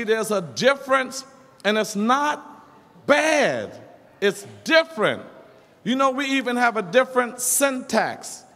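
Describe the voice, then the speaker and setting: A man delivers a preacherly speech to a conference crowd. His voice sits high and his pace is slow and deliberate, stretching key words. The sound carries the long echo of a large hall. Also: fairly bright tone. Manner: preacherly, rhythmic, drawn-out emphasis with asides to the crowd. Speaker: conference speaker. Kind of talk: impassioned speech to an audience. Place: college auditorium. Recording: echoey hall.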